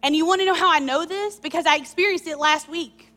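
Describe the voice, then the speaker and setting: A woman's voice: extremely high pitch, fast, long reverb tail. Candid woman preacher telling a story. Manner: candid, animated storytelling with confessional tone. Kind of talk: sermon with personal story.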